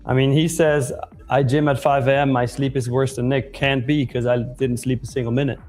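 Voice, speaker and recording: A man's voice: medium pitch, flat delivery, moderate pace, a little mellow, soft background music. A man co-hosting a live stream, joking around, laughing and reading the chat aloud. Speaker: livestream co-host.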